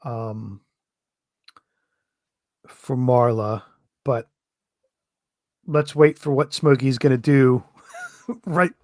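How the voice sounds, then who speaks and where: A man's voice: mid-range voice, very slow, long pauses, a little mellow, no room sound, clean studio sound. A man playing a tabletop game, explaining his plans casually. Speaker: player.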